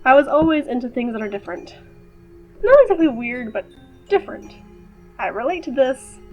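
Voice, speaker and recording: A woman's voice: high-pitched, sing-song, normal speed, highs cut off, soft background music. A woman hosting a gaming video, reading the game's text aloud and breaking off for chatty, joking asides. Her voice sounds slightly off, as if just over a cold. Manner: playful, chatty asides between read-out passages. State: voice slightly off after a recent cold.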